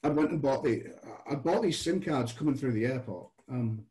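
A man guest on a podcast, telling stories with lively acted-out dialogue. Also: medium pitch, moderate pace, poor audio. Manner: animated storyteller, acts out dialogue. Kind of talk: anecdotal storytelling.

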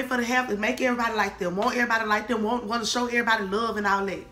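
A woman's voice: fairly high pitch, rapid-fire, roomy sound. A young woman, ranting sassily and swearing freely in a casual comedic vlog. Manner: sassy, animated, swearing freely. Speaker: vlogger.

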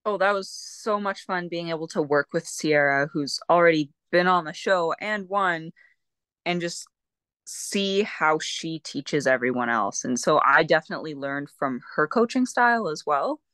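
Upbeat young Canadian woman as guest, lowish voice, dry recording. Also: lively intonation, normal speed, a bit bright, dry recording. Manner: upbeat, laughs easily. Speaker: interview guest. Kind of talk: casual chat.

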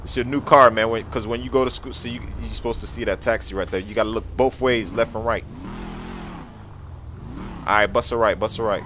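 A man playing a nervous dad in a game role-play skit who stammers and yells in panic. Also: on the low side, fairly even intonation, brisk, a little hiss or hum.

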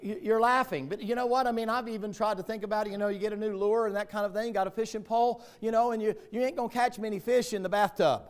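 A man's voice: high-pitched, steady tone, quick pace, hardly any pauses, clear, resonant tone. A man with a Southern US accent preaching a sermon as pastor, in a folksy, joking storytelling manner.

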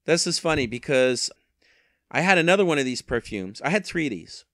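An eBay reseller talks through his online resale sales in a casual vlog, holding a handheld mic and rambling with wry, self-mocking asides. His voice sits on the high side with big pitch swings, a brisk pace and a fairly bright tone. The recording is clean studio sound with no room sound.

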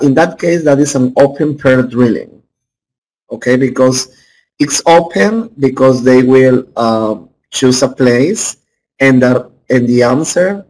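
A man's voice: medium pitch, a little mellow, poor audio. A man teaching an English class as a lecture in a classroom. He keeps checking understanding with "right?" and "okay?" and calls on students by name.

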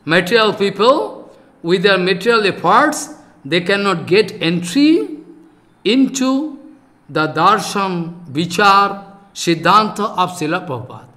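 An older man, giving a sermon in an animated, scolding manner with loud emphatic bursts. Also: sits high, a little slow. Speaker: spiritual teacher.

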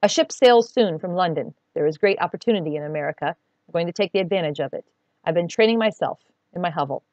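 A woman reading the lines of a quiet, earnest young farm boy in a steady, plain voice. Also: fairly low pitch, fast talker, dry recording, lightly acted.

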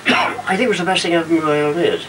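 An older man, once a variety singer, rambles through memories and jokes at home in his trailer, acting out the voices as he goes. His voice is fairly high, a bit bright, and fairly even in intonation, and he talks a little fast. The recording is distant, with light noise.

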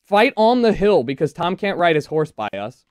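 A woman's voice: lowish voice, big pitch swings, a little mellow, no room sound, clean studio sound. A woman chatting casually while playing a game, anxious and giving orders to her teammate. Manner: anxious, bossy, quick to give orders. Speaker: gamer. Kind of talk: casual gameplay chat.

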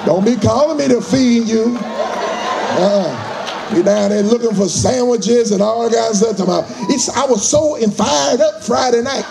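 A man's voice: very high-pitched, unhurried, creaky, crowd noise, noisy background. A man giving a fired-up motivational speech to a live audience, using call-and-response and acting out voices. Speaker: motivational speaker.

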